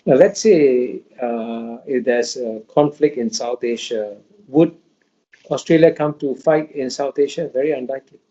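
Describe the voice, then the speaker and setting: A man's voice: medium pitch, measured pace, mellow. Lecturing man on dull, muffled audio. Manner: emphatic, lecturing, many restarts. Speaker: interview guest. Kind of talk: interview answers.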